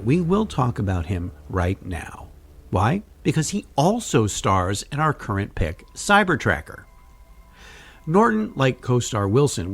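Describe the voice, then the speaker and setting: A man hosting a podcast, reading a scripted, wry narration in a conversational way. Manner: wry, conversational, puts on a deep trailer voice at times. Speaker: podcast host.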